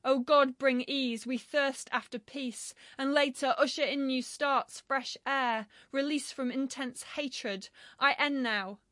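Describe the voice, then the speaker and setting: A woman giving a solemn, measured reading of a translated poem. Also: high-pitched, fairly even intonation, a bit bright, no room sound, clean studio sound. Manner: measured, grave recitation. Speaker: poetry reader.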